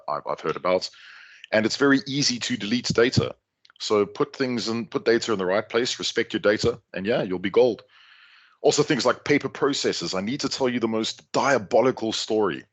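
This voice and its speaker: A middle-aged South African man giving a lively, joking talk to an online audience. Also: fairly low pitch. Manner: lively, jokey, chatty asides. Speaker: guest speaker. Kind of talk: conference talk on a video call.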